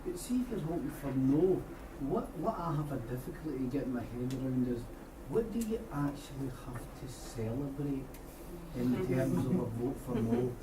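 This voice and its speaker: A man's voice: mid-range voice, expressive, normal speed. A Scottish man, a trade unionist, speaking at a debate in a blunt, colloquial, storytelling way. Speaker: trade unionist audience member. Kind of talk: impassioned debate contribution. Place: meeting room at a union debate. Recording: echoey hall, distant mic, noisy.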